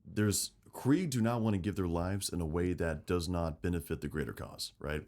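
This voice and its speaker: A man's voice: deep voice, moderate pace. A man co-hosting a casual podcast chat about a game setting, swearing freely and acting out characters' lines. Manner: animated, swearing, acts out quotes. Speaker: podcast co-host.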